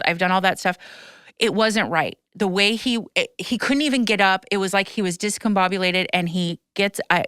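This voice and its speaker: A woman chatting on her podcast, tumbling through a story with restarts and a curse here and there. Her voice is smooth and clear, and the sound is dry and close with no room around it. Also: mid-range voice, no room sound. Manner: animated storytelling, breathless retelling with frequent restarts; swears casually. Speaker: podcast host. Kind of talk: casual chat.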